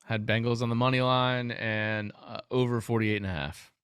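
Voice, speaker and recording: A man's voice: medium pitch, little pitch movement, moderate pace, a bit bright, clear, resonant tone, no room sound. A man co-hosting a sports podcast in casual chat, dry and teasing, laughing often. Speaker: podcast co-host.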